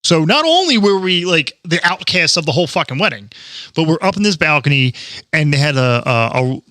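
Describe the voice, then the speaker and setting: Bright-voiced man on a crude podcast. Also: fairly high pitch, sing-song, a little fast, no room sound, clean studio sound. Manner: crude, joking, trails into silly put-on voices. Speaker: podcast co-host. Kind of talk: casual chat.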